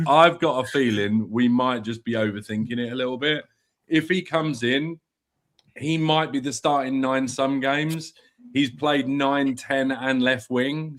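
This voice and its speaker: A man's voice: medium pitch, fairly bright tone. Laid-back man in a fan panel. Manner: laid-back, measured, swears casually. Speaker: guest panelist. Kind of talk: casual football chat.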